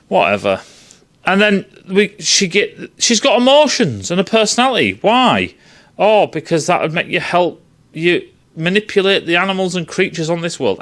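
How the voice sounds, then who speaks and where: A man's voice: sits high, a bit bright. A man giving a profane, sarcastic film review rant, swearing freely and sounding exasperated.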